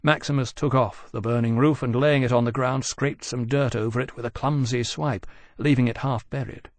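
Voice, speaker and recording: Brief: male narrator, mid-pitched, steady measured read, very dry booth sound. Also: no echo. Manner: measured, even storytelling. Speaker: audiobook narrator. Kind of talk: scripted narration.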